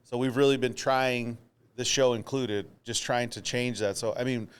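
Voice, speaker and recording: A man co-hosting a casual podcast, asking questions in a relaxed, encouraging way. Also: mid-range voice, normal speed, clear, resonant tone. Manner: laid-back, encouraging questions. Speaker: podcast co-host. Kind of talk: casual interview chat.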